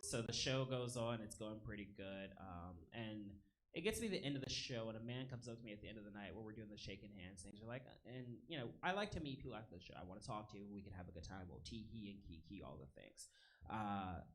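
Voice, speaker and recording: A man in his early thirties performing a stand-up set on a club stage, with punchy delivery, shouted punchlines and quick laughs at his own jokes. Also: fairly low pitch, animated. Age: 30s. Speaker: stand-up comedian. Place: comedy club stage with live audience laughter.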